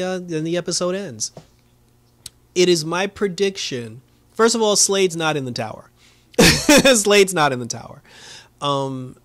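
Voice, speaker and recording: A man's voice: a little high, dry recording. A man casually recapping a TV episode, talking loosely with many fillers and breaking into laughter now and then. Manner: loose, lots of fillers, laughs often, acts out quotes. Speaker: show reviewer.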